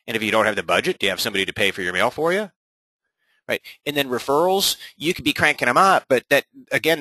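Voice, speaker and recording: A man leads a recorded sales-training webinar for fellow agents, his mid-pitched voice bright and forceful. He talks in short, punchy bursts and keeps asking "right?" to pull listeners along. The sound is close and dry, with almost no room around it. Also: no room sound, poor audio. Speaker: real estate agent coaching other agents.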